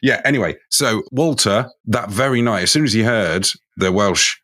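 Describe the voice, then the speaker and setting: A man's voice: lowish voice, normal speed, fairly bright tone, dry recording, studio quality. A man co-hosting a comedy folklore podcast, telling a story in a playful way and slipping into silly voices. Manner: playful, breaks into silly put-on accents and laughs.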